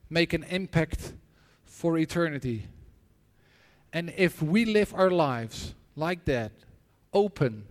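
High-voiced man preaching in a reverberant hall. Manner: earnest, halting storytelling with frequent restarts and repeated words. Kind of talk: sermon with personal stories and prayer. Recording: long reverb of a large hall.

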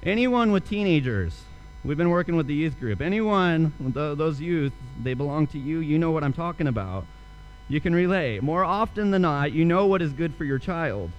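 A man's voice: fairly high pitch, expressive, normal speed, dull audio. A young man preaching a sermon, telling a story and then asking earnest rhetorical questions. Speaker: pastor.

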